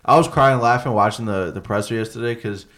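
A man co-hosting a casual sports chat, an animated slangy storyteller. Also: medium pitch, brisk. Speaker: podcast co-host.

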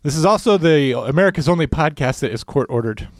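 A man's voice: fairly high pitch, expressive, fast, no room sound, studio quality. A man co-hosting a podcast, a former police officer, telling rambling jokey stories with lots of fillers. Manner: joking, rambling storytelling with fillers. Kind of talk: casual podcast banter.

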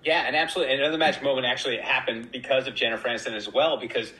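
A man telling a story as a podcast guest in a casual, animated way, acting out the voices of the people in it. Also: medium pitch, rapid-fire, echoey room, rough recording. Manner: animated, acts out voices in quotes.

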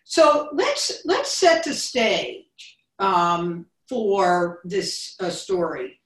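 Slow-speaking woman hosting an author talk. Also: medium pitch, sing-song, a bit bright. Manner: reads a scripted introduction, then asks questions. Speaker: bookstore event host. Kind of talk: author interview. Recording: echoey room, distant mic.

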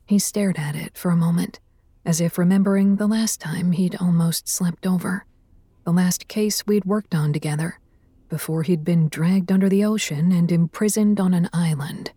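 A woman's voice: fairly low pitch, normal speed, mellow, breathy edge, dry recording. A woman reading a first-person story aloud with a wry, dry touch. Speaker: audiobook narrator. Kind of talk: scripted first-person narration.

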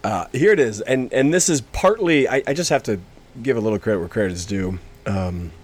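A man co-hosting a casual sports chat, sarcastic and lively in his jabs. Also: fairly low pitch, brisk. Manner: sarcastic, animated. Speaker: sports podcast co-host.

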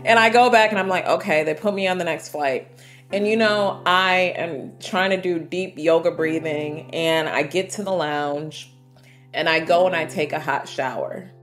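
A woman from the United States, a guest in an interview, telling personal travel stories in a vivid, animated way with quoted asides. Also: on the low side, moderate pace, faint music behind. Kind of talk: storytelling interview.

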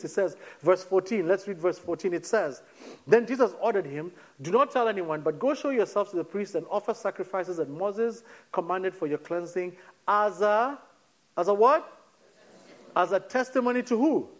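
A male pastor preaching a sermon, dropping to a near hush on key words and then lifting again, slowing down for emphasis. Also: high voice. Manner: preaching with dramatic drops to a near hush and sudden lifts; slows right down on key phrases.

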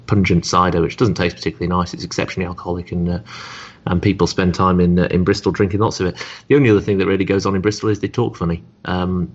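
A man's voice: sits low, highs cut off. An English man in his thirties co-hosting a podcast, wry and dismissive, rambling with many fillers. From England. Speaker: podcast co-host. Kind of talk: casual chat.

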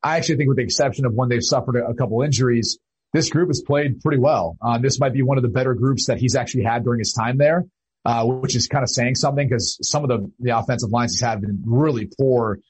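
A man appearing as a football analyst on a podcast, explaining his points in a measured way with many fillers. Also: mid-range voice, a little mellow, breathy edge, rough recording. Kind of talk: casual analytical talk.

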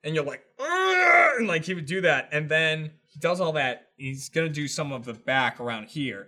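He's a podcast co-host with a shaved head, and his voice sits on the high side with a brisk pace. In this casual chat he tells an animated story, cursing freely and acting out what people said.

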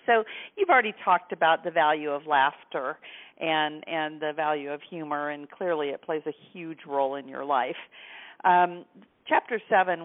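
A man hosting an interview, talking in a hesitant, conversational way with frequent restarts. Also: on the high side. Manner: hesitant, many fillers and restarts. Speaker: interview host. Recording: tinny phone line.

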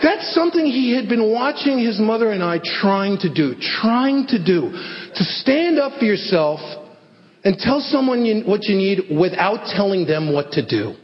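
A man's voice: high voice, sing-song, moderate pace. Middle-aged male stand-up, self-deprecating storyteller, dull lo-fi hall recording with faint hiss. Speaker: stand-up comedian. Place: theater stage before an audience.

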